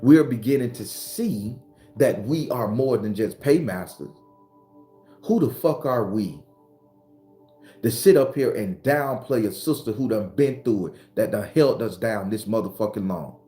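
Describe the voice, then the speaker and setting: This spiritual advisor, host of his own channel, speaks in a lowish, animated voice at an unhurried pace. His motivational talk is blunt, preachy and full of swearing, and he shouts when recounting arguments. The room sounds spacious, with soft music underneath.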